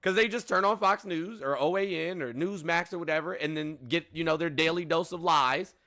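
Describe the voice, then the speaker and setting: A man's voice: on the high side, fairly quick, pushed and bright. A man hosting a call-in show, talking bluntly and with plenty of swearing and fillers. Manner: blunt and profane, with frequent fillers. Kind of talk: casual political chat.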